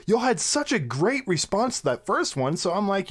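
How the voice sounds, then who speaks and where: Animated man hosting a reaction video. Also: high voice. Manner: animated, quick to laugh. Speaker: host. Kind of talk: casual reaction video chat.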